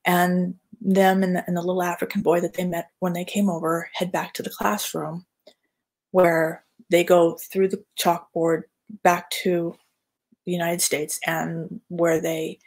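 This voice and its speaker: A woman's voice: fairly low pitch, level tone, measured pace, a little mellow, breathy edge. A woman artist casually chatting on a livestream, rambling with lots of fillers and restarts. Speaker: artist hosting a live chat.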